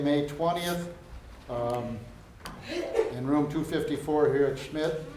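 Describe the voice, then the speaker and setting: A man runs a university event, making announcements and setting out how questions will go. He talks in a relaxed way with frequent uh fillers. He sounds roomy and distant in a lecture hall, with a faint hiss behind him. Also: medium pitch. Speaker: event moderator. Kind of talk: announcements and moderating. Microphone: no microphone, room recording. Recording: echoey room with faint noise.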